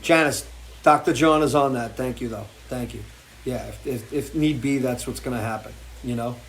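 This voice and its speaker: A man's voice: medium pitch, normal speed, a little hiss or hum. A man hosting a live music show, talking off the cuff in an impassioned, swearing rant full of restarts. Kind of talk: off-the-cuff livestream talk. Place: home porch.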